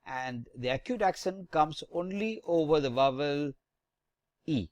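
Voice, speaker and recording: A French teacher giving a slow, deliberate lesson, spelling out each letter with careful emphasis. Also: mid-range voice, lively intonation, no room sound, clean studio sound.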